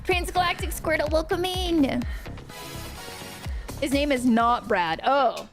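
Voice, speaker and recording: Over soft background music, a woman with a high-pitched, slow voice livestreams a ghost-hunting game. She chats playfully with viewers, thanks the chat, and uses playful slang.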